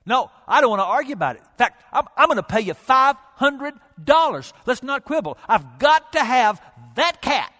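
A male preacher voicing a scheming bargain hunter who talks fast and eagerly in a joke. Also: very high voice, very animated, pushed and bright, in a large hall, heavily acted.

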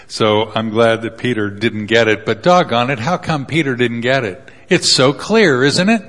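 A man's voice: fairly low pitch, moderate pace, fairly bright tone. A man preaching a sermon in a casual, joking way, retelling Bible passages with little acted quotes. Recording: long hall reverb.

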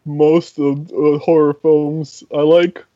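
A man's voice: on the high side, level tone, slow, noisy background. A man co-hosting a podcast in casual chat, dry and skeptical. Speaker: podcast co-host. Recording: dull, lo-fi and dry.

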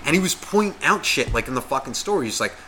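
Talking fast in a mid-range voice over a noisy crowd, a man co-hosting a podcast tells a casual story full of swearing. He is animated and profane, acting out the voices of the people in it.

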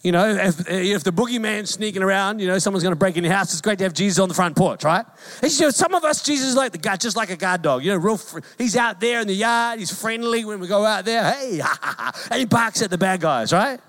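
A man with a New Zealand accent, a pastor preaching a sermon in a lively, joking way and mimicking calls in a high voice. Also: quick pace, few pauses. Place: church hall.

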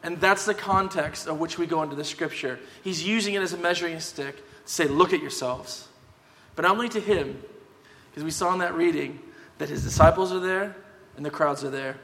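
A man preaching a sermon as pastor, talking conversationally and emphatically, often checking in with a quick "yeah?". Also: on the high side, fairly bright tone. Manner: conversational, emphatic, tag questions. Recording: long hall reverb.

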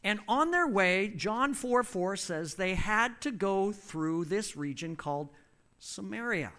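Male preacher with a high, bright voice, emphatic and storytelling, pausing for his interpreter. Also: lively intonation. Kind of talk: sermon with a live interpreter.

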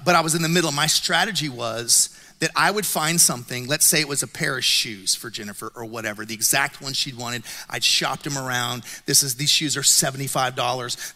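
A middle-aged male pastor giving a sermon, telling stories with lively self-mocking humor. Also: medium pitch. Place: church auditorium. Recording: long reverb of a church hall.

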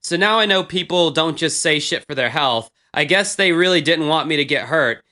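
A man's voice: fairly high pitch, animated, normal speed, pushed and bright. A man in his thirties, casually chatting as a podcast host, rambling and crude with self-mocking humor. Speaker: podcast host reading old diary posts. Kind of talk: casual chat.

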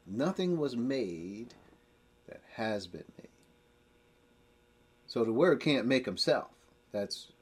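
A man teaching verse by verse through a Bible passage, explaining slowly and then building to emphatic points. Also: fairly low pitch, slightly rough.

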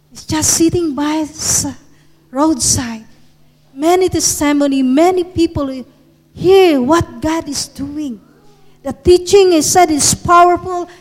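A woman preaching a sermon in an earnest, emphatic way that rises in force. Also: very high-pitched. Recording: long reverb of a large hall.

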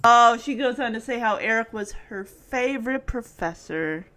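A woman podcaster casually retelling a sitcom episode, chatty and animated, often laughing and quoting the characters. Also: on the high side, moderate pace. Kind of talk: casual chat.

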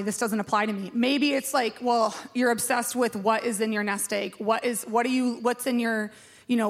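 A woman pastor giving a sermon in a chatty, self-mocking way, asking the room questions. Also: a little high.

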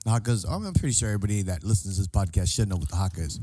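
A man hosting a casual bar podcast, hoarse from yelling the night before, laid-back and joking with loose slang. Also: fairly low pitch, lively intonation, racing, no room sound. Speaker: podcast host.

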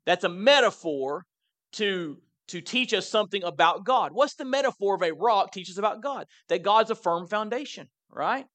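A man's voice: high-pitched, lively intonation, normal speed, a bit bright, dry recording. A man pastor preaching a sermon in a conversational way, often repeating words as he stresses a point.

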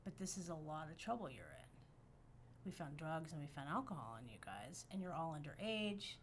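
A woman voicing a stern male police officer who gives a low, quiet, measured warning. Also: expressive, slight background noise.

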